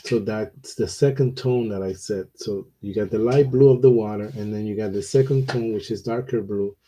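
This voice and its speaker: Male art teacher, very dark mellow tone, unhurried demo delivery, slight background hiss. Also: lowish voice, rough recording. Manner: slow, thinking aloud while he paints, with pauses and fillers. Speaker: watercolor teacher. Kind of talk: relaxed painting demonstration.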